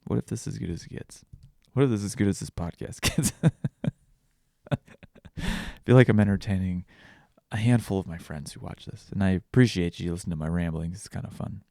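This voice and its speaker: Male podcast host, low and gravelly, dry close sound, casual rambling delivery with crude humor. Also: brisk, warm tone, dry recording. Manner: rambling, self-deprecating, crude jokes. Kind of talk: casual solo podcast monologue.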